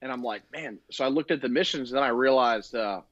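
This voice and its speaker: A man's voice: medium pitch, quick pace, a bit bright, no echo, dull audio. A man co-hosting a casual hobby podcast, laid-back with wry asides. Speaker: podcast co-host. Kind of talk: casual chat.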